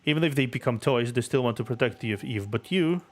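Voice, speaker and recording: A man's voice: medium pitch, fast. Man streamer reading a game story. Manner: steady narration with offhand asides.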